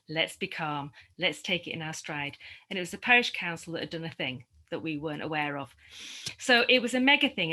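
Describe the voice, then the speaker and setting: A middle-aged woman telling a reflective personal story in a group conversation, animated and often laughing. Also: medium pitch. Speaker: community discussion participant.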